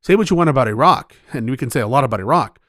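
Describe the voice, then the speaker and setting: A tired man speaks at a medium pitch in loose political chat, rambling, cursing and doubling back on his words. His voice is recorded dry and close. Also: lively intonation, rapid-fire, a bit bright, no room sound. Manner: rambling, profane, restarts often.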